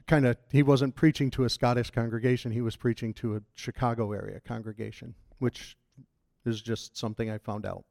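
A man preaching a sermon as pastor, talking in a conversational, halting way with frequent restarts. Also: medium pitch, darkish tone, dry recording, clean studio sound.

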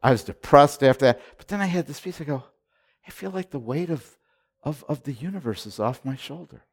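A middle-aged man preaching a sermon as a pastor, retelling his prayers and moving between hushed and loud delivery, often repeating and restarting his words. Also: a little high, brisk. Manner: repetitive restarts and stammers when excited. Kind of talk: sermon storytelling.

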